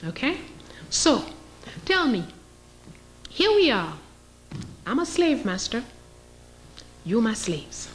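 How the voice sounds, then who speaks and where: A woman's voice: on the high side, big pitch swings, slow pace, long pauses, a little hiss or hum. A woman, a historian giving an emphatic, sarcastic lecture and putting questions to her audience. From Haiti. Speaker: historian and teacher.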